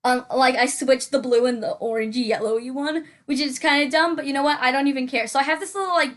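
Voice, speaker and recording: A woman's voice: high-pitched, steady tone, quick pace, fairly bright tone. A young woman rambling casually over her gameplay, often mocking herself and talking to herself. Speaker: gaming channel host.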